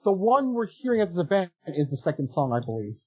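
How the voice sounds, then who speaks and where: Podcast co-host, sarcastic asides, casual, varied pitch, dull lo-fi sound. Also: sing-song, fast talker, dark tone, breathy edge. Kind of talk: casual chat about wrestling.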